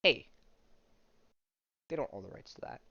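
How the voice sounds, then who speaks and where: A man's voice: unhurried, pushed and bright, dry recording. A young man hosting a podcast, reading a comic aloud and joking about it in slangy, casual talk full of fillers. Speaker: podcast host. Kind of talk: casual comic read-along commentary. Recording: dry, dull lo-fi mic.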